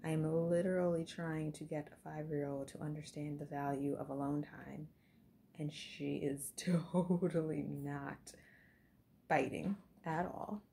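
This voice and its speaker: Candid gravelly-voiced young mother vlogging. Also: low voice, fairly even intonation, a little slow, warm tone, a little hiss or hum. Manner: candid and reflective, often dropping to a whisper. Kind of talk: confessional diary vlog.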